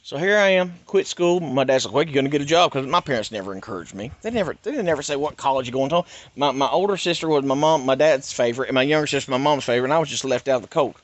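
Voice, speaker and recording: A middle-aged man from North Carolina, telling a personal story in an animated, emphatic rant. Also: medium pitch, fast talker, hardly any pauses, no echo. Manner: animated, emphatic, swings between loud and hushed. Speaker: YouTuber.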